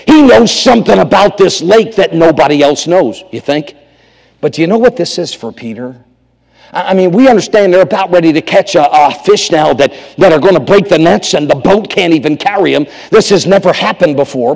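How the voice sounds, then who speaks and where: Preacher guy going loud then hushed, raspy gravelly edge, reverb from a big church. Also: sits high. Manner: dramatic, swings from loud to hushed, acts out quotes. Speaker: revival preacher. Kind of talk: sermon.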